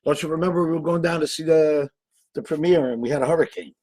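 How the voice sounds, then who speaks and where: A man's voice: on the high side, quick pace, darkish tone. A man co-hosting a casual live chat, wisecracking and teasing the viewers. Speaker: co-host.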